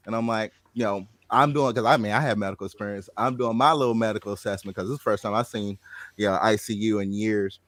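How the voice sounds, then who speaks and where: Animated storytelling man, dry sound. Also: lowish voice, fast, no room sound. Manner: animated storytelling, acts out quotes loudly. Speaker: show host. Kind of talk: casual chat.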